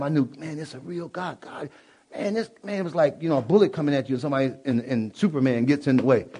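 A middle-aged man from Illinois telling his personal testimony to an audience, animated, swinging from loud bursts to low, quiet asides, with many restarts. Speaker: speaker giving a personal testimony. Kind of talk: spoken testimony to a live audience.

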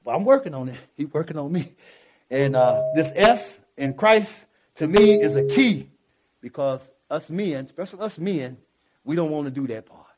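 Brief: man testifying from the pulpit, fairly high voice, fervent, casual, runs from hushed to loud. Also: animated, moderate pace, crowd noise. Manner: casual, repetitive asides to the listeners. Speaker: church speaker giving testimony. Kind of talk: preaching testimony.

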